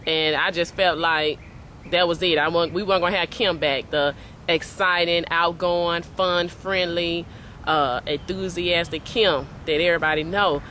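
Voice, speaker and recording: A man in a documentary interview, speaking in a halting, reflective way outdoors. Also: on the high side, fairly even intonation, sharp tone, slight background noise.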